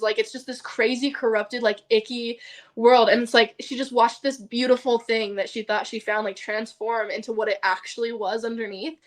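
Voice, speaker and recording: A young woman telling a personal story as a podcast guest. She speaks in a chatty, rambling way, often using "like", and her voice sits fairly high. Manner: chatty, fills speech with "like". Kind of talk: casual storytelling.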